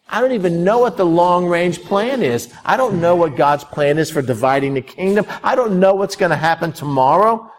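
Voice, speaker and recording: A man preaching a sermon, retelling a scripture story with lively rises and sudden drops in his voice. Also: sits high, moderate pace, hardly any pauses.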